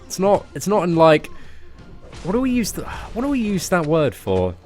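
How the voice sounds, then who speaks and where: A man's voice: high voice, wildly swooping pitch, moderate pace, a little mellow, faint music behind. A British man streaming a game live, chatting casually with viewers in a playful, joking way and laughing often.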